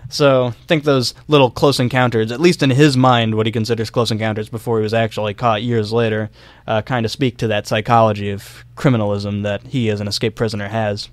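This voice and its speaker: A man's voice: lowish voice, level tone, a little fast, dry recording. A young man co-hosting a casual history podcast, telling a story loosely with fillers and small laughs. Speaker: podcast co-host.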